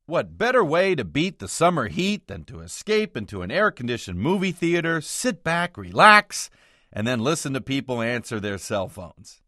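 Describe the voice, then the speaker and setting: Wry, expressive male radio commentator. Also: medium pitch, normal speed, no echo, studio quality. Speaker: film critic roundup writer. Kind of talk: scripted comic radio commentary.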